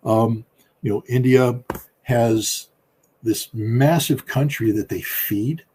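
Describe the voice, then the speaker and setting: A man with a husky voice giving political commentary in an interview, talking in an emphatic, combative way. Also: slow pace, a little hiss or hum. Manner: emphatic and combative, with big swings in pitch and loudness. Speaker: political commentator, former weapons inspector.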